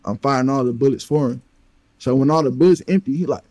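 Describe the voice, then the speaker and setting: A man's voice: mid-range voice, fast talker, mellow, no room sound. A man interviewed as a guest, vividly retelling events and acting out what each person said. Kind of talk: storytelling in an interview.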